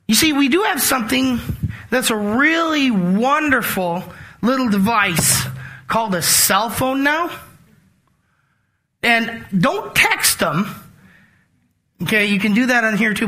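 A man preaching a sermon in a conversational, animated way, acting out little asides as he goes. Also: very high-pitched. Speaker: pastor.

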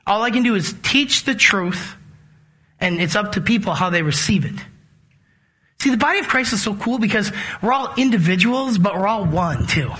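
A man preaching in a conversational, animated sermon. His voice sits high and rings bright, and he slips into acted-out asides as he talks to the congregation. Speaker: pastor.

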